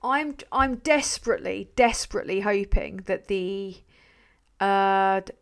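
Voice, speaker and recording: A woman's voice: mid-range voice, a little slow, smooth. Blunt, sweary woman streaming. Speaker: livestream host. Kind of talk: live-stream commentary and reading out viewer messages.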